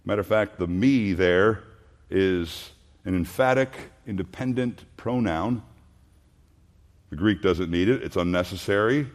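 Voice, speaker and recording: A man's voice: low voice, unhurried. A man preaching an expository sermon in an earnest, emphatic way, posing rhetorical questions. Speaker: pastor.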